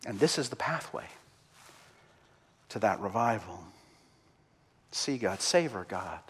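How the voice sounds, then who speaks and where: A man preaching a sermon and telling a story, impassioned, swinging between loud outbursts and quiet, slow passages. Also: fairly low pitch, animated, breathy edge. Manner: impassioned, big swings in loudness. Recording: long hall reverb.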